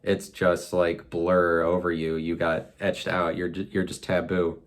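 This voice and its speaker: Man with a very low voice, solo podcast monologue, rambling and musing, lots of fillers. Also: little pitch movement, unhurried. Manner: musing, filler-heavy, self-mocking. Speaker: podcast host. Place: apartment room.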